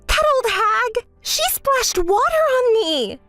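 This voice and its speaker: A woman putting on a shrill spoiled gold digger. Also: very animated, unhurried, a bit bright, no room sound, faint music behind, exaggerated voice. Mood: shrill indignant. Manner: whiny, shrill, throws tantrums. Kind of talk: dramatized texting story.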